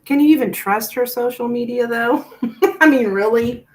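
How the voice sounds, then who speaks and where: A woman's voice: a little high, normal speed, a little mellow. A woman giving a live tarot reading, chatting with viewers and thinking aloud with lots of "like.". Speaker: tarot reader.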